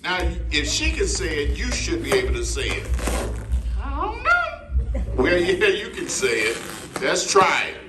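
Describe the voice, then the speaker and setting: Recorded from a distance in an echoey room with loud noise, a man performs ventriloquism for children, playfully coaxing his puppet. His voice is a little high and very animated, and he talks at a moderate pace.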